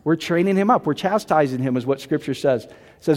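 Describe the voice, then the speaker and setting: A man preaches in a loose, conversational way, his voice pitched a little above most men's. He keeps asking the congregation whether they follow him. The sound carries a long hall reverb. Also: expressive, fairly quick, a little mellow. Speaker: pastor. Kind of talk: sermon.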